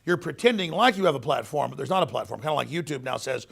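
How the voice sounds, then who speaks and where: Male studio host, gravelly voice, emphatic and punchy delivery. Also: fairly high pitch, lively intonation, fast talker. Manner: emphatic, punchy delivery, rising to near-shouts. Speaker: show host. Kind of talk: studio interview conversation. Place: broadcast studio.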